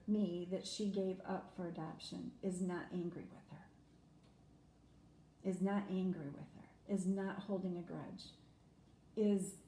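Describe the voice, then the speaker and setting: A woman's voice: fairly low pitch, warm tone. A woman speaking earnestly to camera about her own life, heartfelt, with many "you know"s. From Germany. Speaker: vlogger. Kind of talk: personal reflective talk to camera. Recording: echoey room with faint noise.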